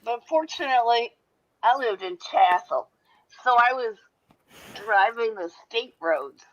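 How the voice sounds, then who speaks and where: A woman's voice: a little high, animated, measured pace, a bit bright. A woman from Michigan chatting casually on a panel show, rambling and jokey, with the odd swear. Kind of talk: casual chat. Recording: muffled lo-fi audio.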